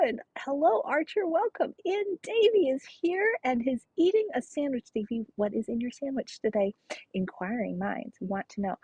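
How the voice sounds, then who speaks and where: Young woman streamer, high breathy voice, excitable and gushing, dull lo-fi stream audio. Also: normal speed, no room sound. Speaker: game streamer. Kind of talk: casual live-stream chat.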